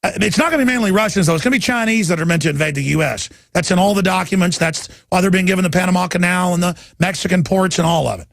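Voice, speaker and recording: A man's voice: high-pitched, quick pace, gravelly, few pauses, dry recording, studio quality. A man hosting a talk radio show, delivering an urgent, rambling monologue and calling his listeners folks.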